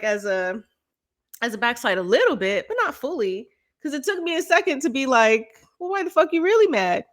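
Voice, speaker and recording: A woman talking candidly in a relaxed podcast chat, her voice swinging widely up and down as she tells a story. She laughs a lot, swears casually and puts on her own angry outbursts. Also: fairly high pitch. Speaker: podcast co-host.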